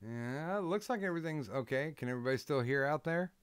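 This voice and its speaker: A man's voice: on the high side, expressive, quick pace, smooth. A man hosting a casual live stream, hesitant with lots of ums, swearing bluntly now and then. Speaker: streamer host.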